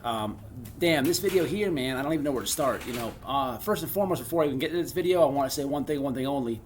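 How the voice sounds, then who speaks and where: A man's voice: medium pitch, fast talker, a little hiss or hum. A man hosting his own channel, talking in a loose, streetwise monologue full of stammered restarts. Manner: rambling, streetwise, keeps saying "man"; frequent restarts and stammered repeats. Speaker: channel host. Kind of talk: casual monologue.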